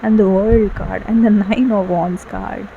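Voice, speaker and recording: A woman's voice: mid-range voice, fairly even intonation, a little slow, creaky, narrow, tinny audio, a little hiss or hum. A woman giving an emotional tarot reading, gushing and full of fillers, tearful at times. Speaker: tarot card reader. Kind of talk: casual tarot reading monologue.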